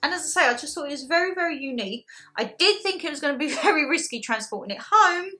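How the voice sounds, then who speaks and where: Bubbly high-voiced woman vlogger. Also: fast, faint music behind. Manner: animated, laughs often, self-deprecating. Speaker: haul vlogger. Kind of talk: casual chatty haul video.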